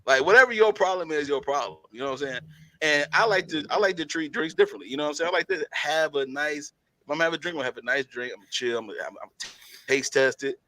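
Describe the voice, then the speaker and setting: A man's voice: fairly high pitch, fast. A man co-hosting a casual talk show, telling stories with laughs and repetition. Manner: animated storytelling, laughs often, repeats himself. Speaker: podcast co-host. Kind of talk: casual chat.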